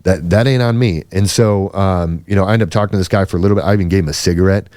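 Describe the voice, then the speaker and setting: A man tells a long story on his podcast in a loose, profane, rambling way. His voice sits low and mellow, recorded close and dry with no room sound. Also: racing, dry recording. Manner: swearing, rambling, acts out quoted voices. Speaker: podcast host. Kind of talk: casual storytelling chat.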